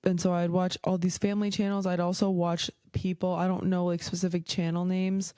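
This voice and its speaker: A young woman rambles through a casual solo podcast, swearing freely and drifting from one tangent to the next. Her voice is mellow and smooth. The recording is close and dry, with no room sound. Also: lowish voice, level tone, a little fast, no echo. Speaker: podcast host.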